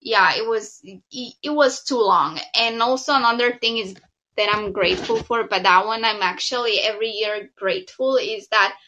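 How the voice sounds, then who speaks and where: A woman co-hosting a podcast in casual chat, talking in a warm, chatty way with many fillers. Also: mid-range voice, normal speed, dull audio, slight background noise. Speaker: podcast co-host.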